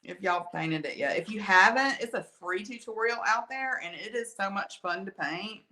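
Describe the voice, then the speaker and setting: An art instructor with an Alabama Southern accent gives a chatty, folksy live painting tutorial, with a slight cough still lingering from being ill. Her medium-pitched voice is animated and sharp in tone at a moderate pace. There's slight background noise.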